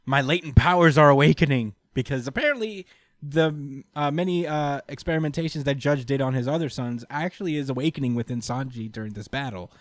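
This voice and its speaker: A man's voice: mid-range voice, fairly quick, dry recording. A young man in casual podcast chat, recapping a story with lots of laughter and acted-out character lines. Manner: animated, laughs often, acts out character lines. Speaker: podcast co-host recapping a manga chapter.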